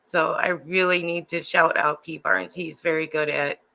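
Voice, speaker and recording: Gravelly woman with a Chicago accent. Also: sits low, fairly even intonation, normal speed, sharp tone, poor audio. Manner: hesitant, many ums. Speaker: co-host. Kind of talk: casual chat.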